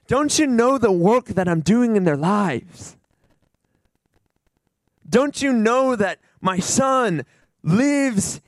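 A man's voice: sits high, a bit bright, dry recording. A man voicing God as a proud, loving father who speaks emphatically and boasts with affection.

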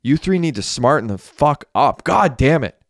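A man's voice: on the low side, expressive, a little slow, darkish tone, no echo, studio quality. A man reading a novel aloud, voicing an exasperated young man who rants and scolds his friends. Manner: ranting, exasperated.

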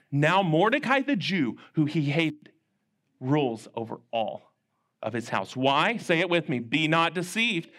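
A man with a high voice leads a children's service in church. He tells the story in an animated way, swinging his pitch wide as he acts out each character's lines. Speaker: children's pastor.

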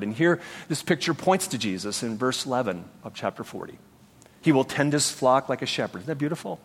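Male pastor, mid-high voice, emphatic sermon delivery, church-hall reverb. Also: a bit bright. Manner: earnest, emphatic preaching with rhetorical questions. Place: church sanctuary.

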